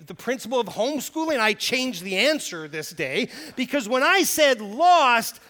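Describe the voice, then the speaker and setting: A man preaching a sermon, animated, with emphatic rises and hushed drops. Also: very high-pitched, normal speed, big-room sound. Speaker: pastor.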